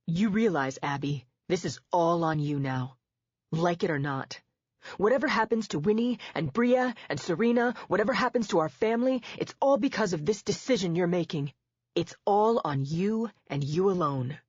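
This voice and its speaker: A woman's voice: fairly low pitch, expressive, normal speed, a little mellow, husky, no echo, dull audio. A woman voicing an exasperated middle-aged husband who pleads, then accuses, in an audiobook. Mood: accusing.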